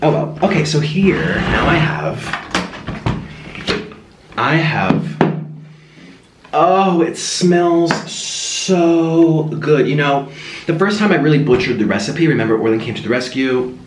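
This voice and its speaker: A man's voice: fairly high pitch, expressive, slow pace, long pauses, roomy sound, slight background noise. A man casually talking through a recipe as a home cooking vlogger, chatty and given to dramatic exclamations. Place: home kitchen.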